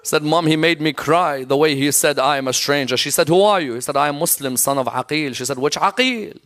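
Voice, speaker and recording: A man's voice: on the high side, brisk, a bit bright. A man delivering a religious sermon, telling a tragic story and rising into a chant-like lament. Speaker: Islamic lecturer.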